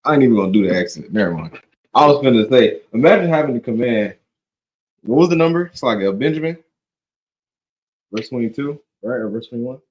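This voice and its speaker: A man's voice: medium pitch, expressive, a little fast, long pauses, darkish tone, highs cut off. A man teaching scripture in a loose, joking, conversational way, often checking in with "you know what I'm saying". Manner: slangy and joking. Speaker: Bible study teacher.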